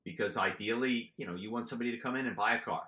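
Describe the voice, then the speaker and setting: A man with a bright, forceful tone tells stories as a podcast guest. His delivery is lively and chatty, full of "you know"s. The room adds a noticeable echo. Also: fairly low pitch, very fast, a little hiss or hum. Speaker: podcast guest, former corporate spy. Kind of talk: animated storytelling.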